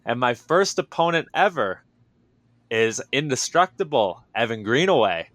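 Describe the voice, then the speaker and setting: A man in a casual interview, telling his story with lively enthusiasm and frequent fillers. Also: mid-range voice, unhurried, dry recording. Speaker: wrestler, interview guest.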